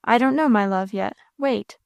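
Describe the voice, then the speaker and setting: A woman voicing a gentle, patient young woman who speaks softly and reassuringly, in an audiobook reading. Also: a little high, normal speed, vocal fry, clear, resonant tone, dry recording, clean studio sound. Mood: tender, weary. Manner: soft, reassuring, earnest.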